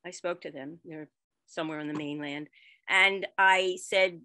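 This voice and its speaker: A woman storyteller telling a personal story expressively, with dramatic swings in loudness. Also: on the low side, steady tone, unhurried, smooth, dry recording. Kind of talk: storytelling performance.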